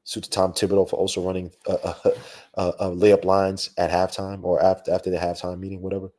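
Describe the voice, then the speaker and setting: A young man hosting a live post-game basketball podcast, talking in an animated, slangy, ranting way with lots of asides. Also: sits low, quick pace. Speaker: podcast host.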